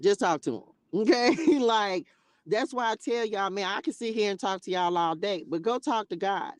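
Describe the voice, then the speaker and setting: A woman's voice: medium pitch, moderate pace, no echo, rough recording. A woman hosting a live stream from her car, giving fervent, repetitive faith encouragement with bursts of laughter. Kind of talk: casual spiritual encouragement talk. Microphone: live-stream device mic.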